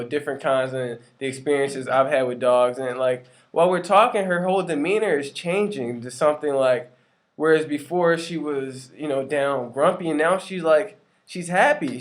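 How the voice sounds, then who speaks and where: A young man who works retail, sharing a personal faith testimony in a casual, earnest way, with lots of ums and likes, and acting out the people he quotes. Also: fairly high pitch. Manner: acts out quoted dialogue in shifting voices.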